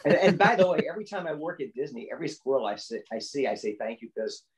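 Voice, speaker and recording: A man who works as a voice actor, telling stories in a podcast interview and acting out the quoted lines with big leaps in pitch. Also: fast talker, low-quality recording. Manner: animated storyteller, acts out quotes with big pitch jumps. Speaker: voice actor guest.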